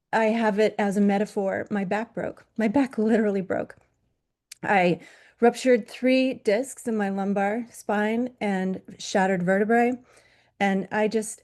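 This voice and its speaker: A woman's voice: mid-range voice, darkish tone. Middle-aged woman telling a candid story. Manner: candid, self-deprecating storytelling with pauses and fillers. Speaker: yoga teacher. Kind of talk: personal story told at a conference. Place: virtual conference.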